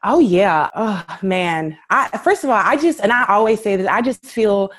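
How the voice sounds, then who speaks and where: A woman guest in a casual interview, telling her story with lively energy and acting out the voices in it. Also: mid-range voice, moderate pace, dry recording. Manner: animated storyteller, acts out quoted dialogue.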